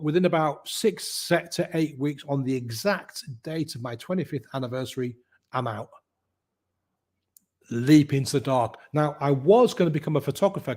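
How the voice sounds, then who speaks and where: A middle-aged man, a guest telling his story in a lively way and acting out the voices of the people in it. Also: on the high side. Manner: lively, acts out quoted voices. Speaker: guest, mindset coach. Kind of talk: animated storytelling.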